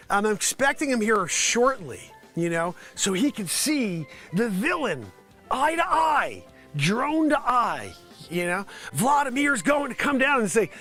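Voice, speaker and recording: A man hosting a live comedy stream, improvising a goofy mock news report and sometimes shouting. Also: very high-pitched.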